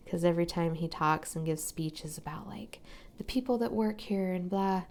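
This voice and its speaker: A young woman chatting casually while she paints, soft-spoken and often slipping into a whisper as she works. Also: fairly low pitch, creaky. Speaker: watercolor crafting vlogger.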